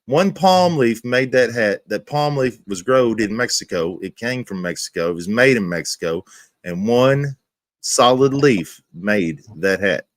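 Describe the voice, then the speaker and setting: A man's voice: mid-range voice, lively intonation, measured pace, no room sound. A man in casual chat, bluntly contradicting and trading insults.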